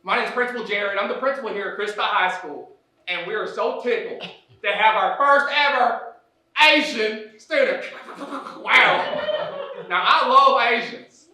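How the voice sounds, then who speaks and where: A hearty, over-friendly Southern high school principal, as a man puts him on, all booming greetings and awkward folksiness. The voice sits high and bright. It comes from a distance on a live stage with a roomy echo. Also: sing-song, unhurried, full character voice. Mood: jovial. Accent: Southern US put-on.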